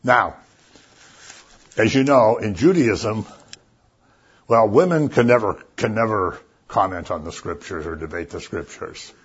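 A man giving a sermon in a casual, conversational way, telling stories with lively asides. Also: lowish voice, a little slow, long pauses, breathy edge, dull audio. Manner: conversational, animated storytelling with asides. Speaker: preacher.

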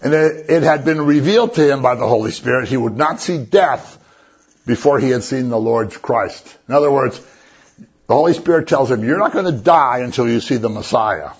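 A man's voice: mid-range voice, normal speed, breathy edge. A man preaching a sermon as a pastor, conversational and joking as he retells the story. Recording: dull lo-fi recording.

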